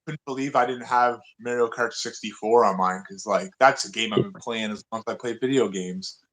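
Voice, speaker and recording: A man's voice: fairly low pitch, fairly quick, a bit bright, slight background noise. A man co-hosting a podcast, chatting easily about old video games with frequent restarts. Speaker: podcast co-host. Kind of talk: casual gaming chat.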